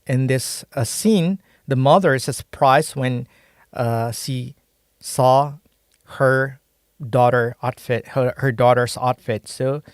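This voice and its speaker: A young native Indonesian speaker with an Indonesian accent gives a casual language lesson as a teacher. His medium-pitched voice is slow, clear and resonant as he thinks aloud and hesitantly searches for words, captured in a dry, studio-quality recording.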